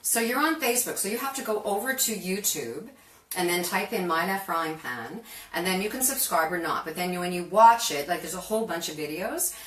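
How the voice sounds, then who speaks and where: A woman's voice: fairly low pitch, animated, brisk, fairly bright tone. A woman hosting a live cooking show from her kitchen, chatting in a rambling way and laughing often. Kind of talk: casual live-stream chat. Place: home kitchen. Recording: roomy kitchen, mic far off, noisy.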